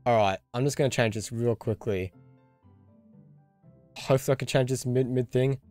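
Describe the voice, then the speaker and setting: A man's voice: mid-range voice, normal speed, darkish tone, faint music behind. A man with an Australian accent chatting casually while streaming a video game, muttering to himself as he fixes his settings. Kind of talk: casual gaming stream commentary.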